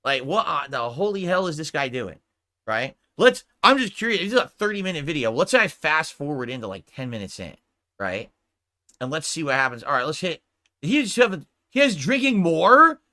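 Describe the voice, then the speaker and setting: Male reaction commentator, fairly high voice, exclaiming and incredulous. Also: sing-song, fairly quick, pushed and bright, no echo. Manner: incredulous, exclaiming, rhetorical questions.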